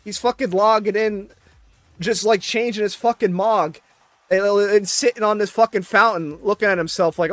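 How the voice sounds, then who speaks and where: A man's voice: sits high, fairly even intonation, normal speed, fairly bright tone, dry recording. A man ranting in casual chat, exasperated and swearing constantly.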